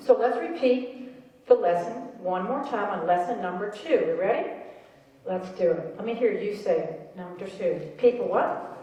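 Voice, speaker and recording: A middle-aged woman giving an animated storytelling talk to a live audience, prompting them to repeat after her. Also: mid-range voice, a little slow. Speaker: speaker on caregiving. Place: large room with an audience. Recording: echoey hall recorded from far off.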